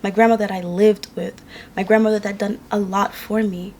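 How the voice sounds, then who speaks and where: A woman's voice: mid-range voice, little pitch movement, brisk, a little mellow, a little hiss or hum. A young adult woman from New York tells a personal story to camera in a candid, emotional, conversational way, indoors at home. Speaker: vlogger. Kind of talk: casual storytelling vlog.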